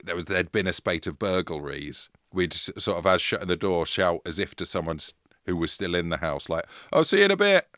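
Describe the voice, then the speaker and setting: Male podcast host, low voice, dry close mic, playful storyteller. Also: fairly quick, dry recording. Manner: playful, jokey, lively retelling. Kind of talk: casual comedic storytelling chat.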